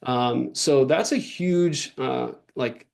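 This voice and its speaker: A man's voice: medium pitch, takes it slowly, gravelly. A man, a podcast guest, explaining his work in casual interview talk, earnest and full of fillers and restarts. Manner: earnest, talks in long runs with many fillers and restarts. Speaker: podcast guest, author and workshop leader.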